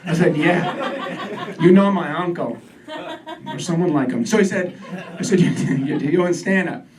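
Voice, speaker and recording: A man does a stand-up set in a comedy club, sardonic and self-deprecating, getting worked up as he rants. His voice is fairly high and unhurried, caught by a distant mic with a laughing crowd.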